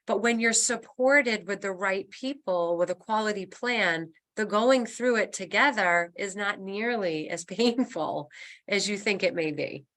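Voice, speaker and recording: A woman's voice: mid-range voice, unhurried, a bit bright. A woman who works as a senior move manager, giving a webinar talk in an encouraging coaching manner. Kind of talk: webinar presentation.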